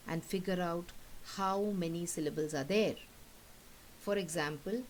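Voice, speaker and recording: An English teacher patiently explains a lesson in a recorded classroom session, checking understanding with frequent questions. Her voice is lowish and a little slow, and the low-quality recording has slight background noise.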